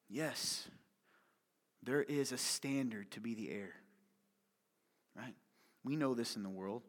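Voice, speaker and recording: Impassioned male preacher in a reverberant hall. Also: fairly high pitch. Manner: impassioned, swings from hushed near-whispers to loud urgent appeals. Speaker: pastor. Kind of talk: sermon.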